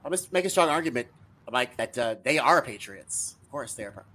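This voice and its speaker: A man's voice: mid-range voice, lively intonation, brisk, pushed and bright. A man appearing as a guest on a political chat podcast, teasing the host and arguing his points. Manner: teasing, argumentative.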